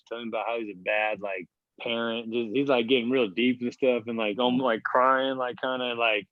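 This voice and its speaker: A man's voice: mid-range voice, a bit bright, no echo. A man in his thirties, a podcast guest, telling a long story casually, rambling and swearing with lots of filler words. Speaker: podcast guest, basketball player. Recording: dull, dry lo-fi sound.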